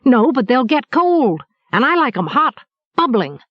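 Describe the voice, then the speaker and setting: A woman puts on a cheeky young apprentice boy, pitched up high and wheedling, full of hungry eagerness. His voice swings about with lots of lively rise and fall, heard dry and close on a dull, lo-fi recording. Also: measured pace, no room sound, full character voice. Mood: eager.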